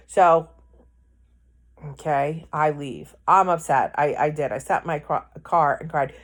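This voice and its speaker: A woman's voice: low-pitched, normal speed. A woman telling a personal story in an emotional, rambling way, full of restarts and repeated words.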